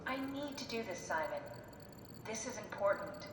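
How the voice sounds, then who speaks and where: An actress plays a composed woman who gives orders gently but will not be put off, speaking in a firm, reassuring, businesslike way. Her lines carry a long, roomy reverb and sound set back from the mic, with a steady hiss underneath, as heard through game audio. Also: medium pitch, moderate pace, distant mic, natural voice. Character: calm, insistent woman steering her partner. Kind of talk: video game dialogue.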